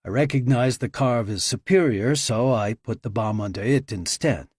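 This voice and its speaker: A man's voice: medium pitch, moderate pace, a little mellow, breathy edge, no echo, studio quality, natural voice. A man voicing a stocky male explosives expert in his late forties, blunt and matter-of-fact.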